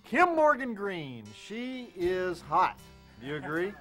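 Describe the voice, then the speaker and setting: A man with a Southern US accent hosting a talk show, teasing his guest with deadpan jokes. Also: sits high, slow pace, faint music behind. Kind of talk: comedic talk show banter.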